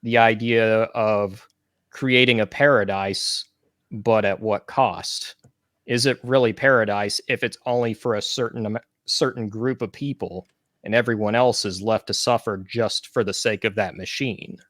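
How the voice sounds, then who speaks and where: Low-voiced thoughtful guest author. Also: male voice, steady tone, a little slow, a bit bright, dry recording, clean studio sound. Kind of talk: casual interview talk.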